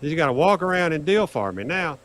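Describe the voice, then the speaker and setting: Older male storyteller, casual and animated, voices the other people in his tale. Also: fairly quick, a little hiss or hum. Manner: animated, acts out dialogue with raised pitch. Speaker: guest storyteller on craps livestream.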